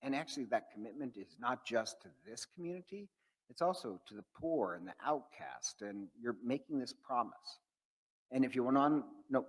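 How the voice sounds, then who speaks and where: Priest teaching in a reverberant hall. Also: male voice, mid-range voice, breathy edge. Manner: conversational, storytelling, frequent um fillers and restarts. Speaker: priest teaching adult faith formation. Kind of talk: informal teaching talk with anecdotes.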